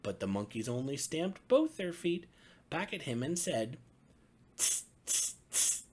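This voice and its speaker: A man, a pastor, reading a bedtime story to children in an expressive, sing-song way. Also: a little high, normal speed, slightly rough.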